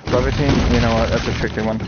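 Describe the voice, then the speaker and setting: A man from Australia, rambling through jokey live commentary while playing a VR game, breaking into loud yelps. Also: mid-range voice, little pitch movement, quick pace, very noisy. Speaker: VR game streamer. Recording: dull lo-fi audio with loud game music.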